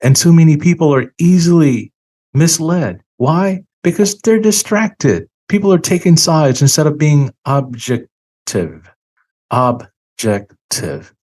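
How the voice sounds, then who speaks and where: A man's voice: fairly high pitch, lively intonation, mellow. A man hosting a finance channel, talking in an opinionated monologue and leaning hard on key words, a little tired. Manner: emphatic, drawn-out stresses on key words.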